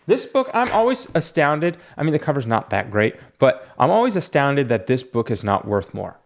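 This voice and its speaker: A man's voice: mid-range voice, big pitch swings, moderate pace, vocal fry, slight background noise. A man running a comic book shop, chatting casually and rambling as he talks himself through each graded book. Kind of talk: casual unboxing chat.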